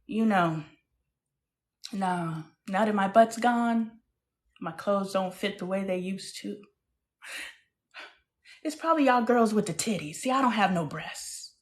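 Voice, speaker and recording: A woman in her thirties hosting a casual live stream, speaking frankly and with animation, swinging between loud bursts and hushed asides. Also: medium pitch, unhurried, pauses often. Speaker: host.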